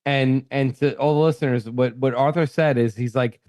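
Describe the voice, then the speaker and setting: A man's voice: medium pitch, steady tone, moderate pace, darkish tone, no room sound, clean studio sound. A man guest on a podcast, agreeing emphatically and swearing in casual chat.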